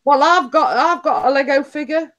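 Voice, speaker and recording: A woman's voice: sits high, moderate pace, a bit bright. A woman chatting casually, giggling and teasing her friends. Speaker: host. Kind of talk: casual chat.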